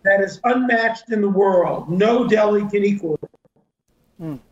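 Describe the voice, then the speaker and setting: Older man, high voice, roomy studio. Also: takes it slowly, lo-fi sound, slight background noise. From United States. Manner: storytelling, savoring and emphatic. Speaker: guest food taster. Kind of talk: casual studio chat.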